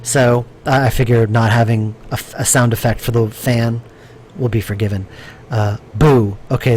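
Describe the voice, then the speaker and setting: Steady and darkish in tone, this medium-pitched man speaks at a moderate pace with slight background noise. As a game developer live-streaming his work, he thinks aloud casually, rambles with fillers and restarts, and answers chat.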